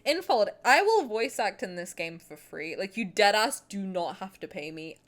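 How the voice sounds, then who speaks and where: Lively young woman streamer. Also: mid-range voice, moderate pace. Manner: animated, joking, swears, breaks into giggles. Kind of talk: casual livestream chat, reading game text aloud. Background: faint game music.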